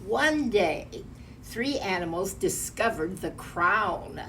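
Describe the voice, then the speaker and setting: A woman reads a children's picture book aloud at an unhurried pace, pausing to point at the pictures. Her voice is recorded from some distance off the mic, with a faint hum underneath. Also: mid-range voice, expressive, fairly bright tone. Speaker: storyteller.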